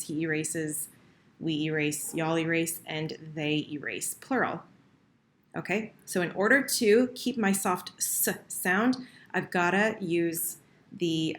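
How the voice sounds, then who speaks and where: Woman, French teacher, slow deliberate pace, faint keyboard typing behind. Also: on the low side, slight background noise. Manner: patient, self-correcting, talks while typing. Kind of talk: screen-recorded grammar lesson.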